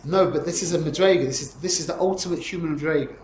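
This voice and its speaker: A man teaching a lively Torah class to students, animated and quick to correct himself, using Hebrew and Yiddish terms. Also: a little high, roomy sound, a little hiss or hum, poor audio.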